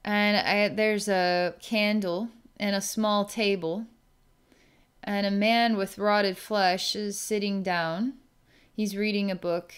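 Smooth-voiced woman narrating psychic visions. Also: mid-range voice, fairly even intonation. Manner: halting, searching, describes visions as they come. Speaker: psychic healer. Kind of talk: narrating a distance healing vision.

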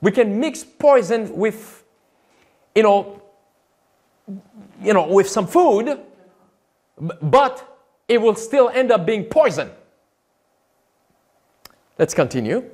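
High, lively-voiced man preaching commentary. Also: slow, long pauses. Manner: emphatic, repeats quotes, asks rhetorical questions. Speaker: pastor. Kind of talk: sermon-style video commentary.

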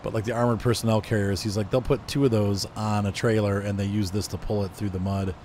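A fast-talking man with a lowish, slightly mellow voice and flat delivery streams a game, commenting casually. He's congested from allergies, rambling and thinking aloud while driving and correcting himself as he goes. The audio carries a little hiss or hum.

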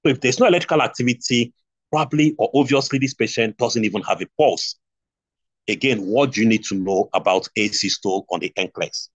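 Nigerian man teaching with husky voice. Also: lowish voice, fast, dry recording. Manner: repeats points, lively asides and rhetorical questions. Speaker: nursing exam tutor. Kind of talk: online lecture. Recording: dull lo-fi stream audio.

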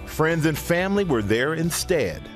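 A man hosting a live morning TV show and narrating a report, upbeat and animated. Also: a little high, normal speed. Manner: upbeat, animated, often laughing. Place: TV studio with live audience. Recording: studio with audience and music bed.

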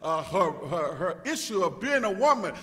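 A male pastor preaching a sermon, restarting words in stammering repeats and rising to shouts as he calls out to his congregation. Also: high voice, big pitch swings, normal speed. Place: church sanctuary. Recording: long reverb of a church hall.

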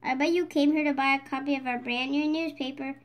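A cheerful, eager cartoon sponge, voiced by a woman reading a storybook. His lines come out high and upbeat. He sounds keen and friendly. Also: fairly even intonation, fairly quick, lightly acted.

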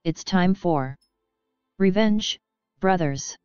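A woman reading as an outraged, defiant male warrior roars in shame at his kneeling comrades. The voice is low for a woman and very clean, set against a dull, lo-fi sound with a faint music bed behind it. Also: takes it slowly, warm tone, clean tone, no room sound. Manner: roaring, indignant.

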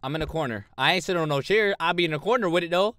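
A man's voice: fairly high pitch, racing, a bit bright, dry recording. A young man giving horror game commentary, brashly trash-talking in slang. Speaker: gamer. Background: game music.

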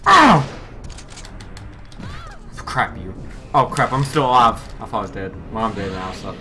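A man giving let's play commentary, excitable, yelping and shouting at the game with mild swearing. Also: on the low side, unhurried. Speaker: gamer. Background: faint music.

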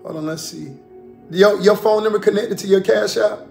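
Male pastor, high and fervent, livestream preaching, roomy sound, music behind. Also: moderate pace, creaky, darkish tone. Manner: fervent, repetitive, frequent amens and hallelujahs. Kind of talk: livestreamed preaching and offering appeal.

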